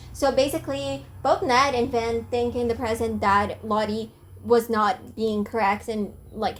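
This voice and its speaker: A woman's voice: fairly high pitch, a little hiss or hum. A young woman narrating a casual video essay, chatty with lots of "like" and self-conscious asides. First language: not French. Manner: chatty, frequent "like", apologetic about pronunciation.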